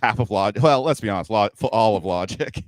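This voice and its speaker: Joking man with a smooth low voice. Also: lively intonation, a little fast, no room sound, clean studio sound. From San Francisco Bay Area. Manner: jokey, laughs often, slips into silly voices. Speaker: podcast guest, comedian. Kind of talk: casual podcast banter.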